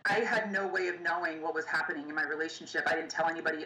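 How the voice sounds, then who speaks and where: A young woman telling her own painful story in an interview, halting and pausing often. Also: deep voice, fairly even intonation, bright, forceful tone, slight background noise. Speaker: interview guest. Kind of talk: personal storytelling. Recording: echoey room with faint ambience.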